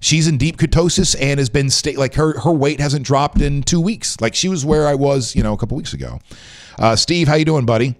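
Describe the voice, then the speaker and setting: A man's voice: mid-range voice, fairly quick. A middle-aged man hosting a casual live stream, rambling and chatting with viewers in a tired, weak voice after a late night. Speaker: live show host. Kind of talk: casual livestream chat.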